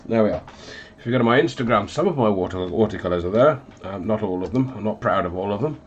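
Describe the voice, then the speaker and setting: Still stuffed up and recovering, the hobby livestream host paints and rambles in his hot, closed-up room, full of ums and jokes at his own expense. His voice sits on the low side, animated and quick, and the audio is dull with slight background noise.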